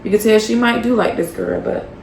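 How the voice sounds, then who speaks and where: A woman's voice: mid-range voice, a little fast, creaky, echoey room, noisy background. A woman casually recapping a reality show episode, gossipy and profane, with lots of fillers.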